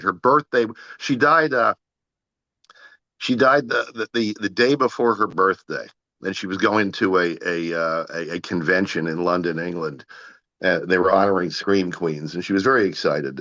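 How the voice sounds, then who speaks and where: Deep-voiced man rambling through a story. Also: pushed and bright, no room sound, dull audio. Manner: rambling, with frequent restarts and repeated words. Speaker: actor and interview guest. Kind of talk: animated storytelling in an interview.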